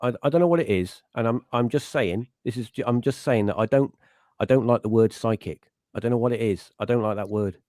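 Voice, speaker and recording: A man's voice: mid-range voice, a little fast, a little mellow, dry recording, studio quality. A middle-aged man hosting a podcast in casual chat, rambling and breaking off to act out little quotes. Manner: rambling, self-interrupting, acts out quotes. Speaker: podcast host.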